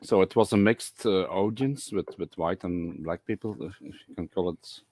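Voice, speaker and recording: A man's voice: low-pitched, darkish tone, slightly rough, no echo. A man hosting a casual live-stream chat, talking bluntly with many fillers and restarts. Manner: halting, with frequent fillers and restarts; blunt and outspoken. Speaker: livestream host.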